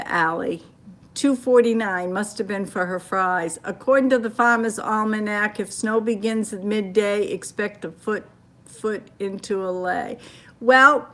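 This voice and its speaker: A woman's voice: mid-range voice, fairly bright tone. An older woman from Maine with a Maine accent, casually chatting on a phone livestream, reading viewer comments and telling stories. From Maine, USA. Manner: chatty storytelling, reacting to comments.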